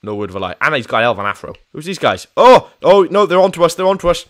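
A young man, joking through cop role-play as he plays a multiplayer game, jumping from loud yelps to muttered asides. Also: fairly high pitch, big pitch swings, racing. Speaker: gaming channel host.

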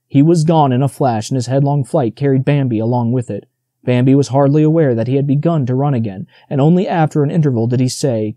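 Male audiobook narrator, very dark mellow tone, dry close sound, measured storybook reading. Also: medium pitch, dry recording.

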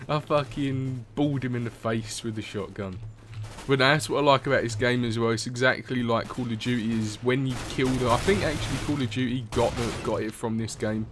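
A young man talks over his own gameplay, rambling from one story to the next and swearing freely. His voice sits at an ordinary middle pitch. Faint gunfire from the game runs under his talk. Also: fairly even intonation, brisk, a bit bright, slight background noise. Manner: rambling, swears often, laughs at own stories. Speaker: gaming commentator. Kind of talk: casual gameplay commentary.

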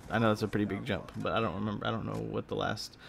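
Young man, from Texas, gravelly voice, lowish pitch, tired rambling vlog chat, faint background hiss. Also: flat delivery, very fast. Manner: rambling, many fillers and restarts, casual swearing. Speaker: gaming YouTuber. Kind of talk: rambling casual vlog talk.

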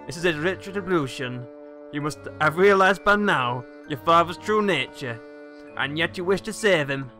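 A man voicing a sinister male salesman who speaks in a suave, deliberate way. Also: a little high, expressive, pushed and bright, soft background music. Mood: ominous.

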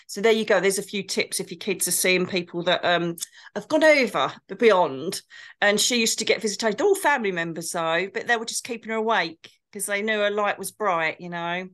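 A woman's voice: fairly low pitch, fairly bright tone. A woman co-hosting a casual chat, telling rambling, gushing anecdotes. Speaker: co-host and spiritual medium.

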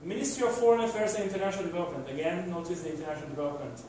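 A man's voice: on the high side, racing, darkish tone, a little hiss or hum. A man giving a university lecture, hesitant, with many fillers and restarts. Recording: very echoey room from far off.

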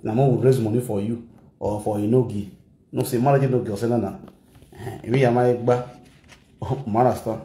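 A man with a Nigerian Pidgin English accent giving animated gossip commentary, switching languages and mimicking people. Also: mid-range voice, fairly quick, long pauses, reverberant. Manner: animated, mixes Pidgin and Yoruba, shouts and mimics. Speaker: gossip vlogger. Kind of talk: excitable commentary vlog.

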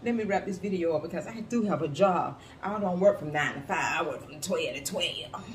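A woman's voice: lowish voice, a little fast, distant mic. A woman giving blunt, sassy, profane commentary in a casual reaction video. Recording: echoey room with faint hiss.

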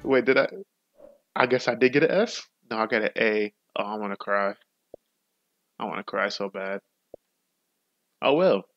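A man's voice: fairly low pitch, moderate pace, pauses often, highs cut off, soft background music. Man swearing through let's-play commentary. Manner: profane, rambling, swings between excited outbursts and hushed muttering. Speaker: gaming channel host.

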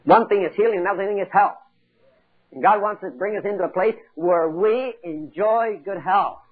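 A man's voice: sits high, normal speed. A man preaching a sermon, telling a Bible story with dramatic acted-out voices and questions to the congregation. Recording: tinny phone-like 1980s audio tape.

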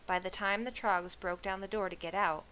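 A woman reading a novel aloud with steady, expressive storytelling. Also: medium pitch, normal speed, slight background noise, low-quality recording. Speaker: reader.

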